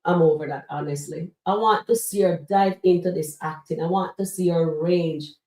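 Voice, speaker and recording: A woman reviews comedy skits on a live stream, chatting casually and calling her viewers "guys" with frequent fillers. Her fairly low, slightly mellow voice moves at a moderate pace. She's recorded from a distance, set back from the mic in a roomy echo.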